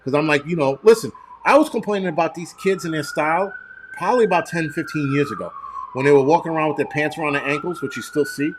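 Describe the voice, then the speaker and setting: A man's voice: on the high side, fast, background noise. A man, ranting and swearing loosely on a casual livestream. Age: 40s. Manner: profane, ranting, mocking. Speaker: livestream host.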